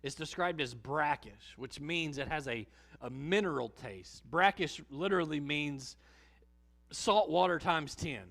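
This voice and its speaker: Gravelly-voiced preacher, storytelling. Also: male voice, measured pace. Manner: storytelling, vivid and animated, drops low and quiet for emphasis. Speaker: pastor. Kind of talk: sermon. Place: church sanctuary.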